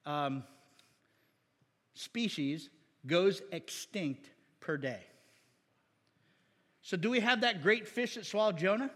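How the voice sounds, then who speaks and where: High-voiced preacher in an echoing hall. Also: male voice, fairly bright tone. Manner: folksy, asks the congregation questions. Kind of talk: conversational sermon. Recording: long hall reverb.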